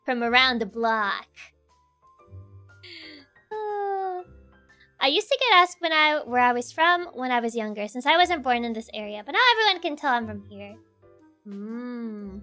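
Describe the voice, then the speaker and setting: A woman's voice: a little high, measured pace, pauses often, soft background music. A young woman streamer with a Spanish accent and Spanish as her first language, chatting casually and playfully with her viewers, laughing often. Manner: giggly, animated, playful. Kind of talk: casual chat, reading chat aloud.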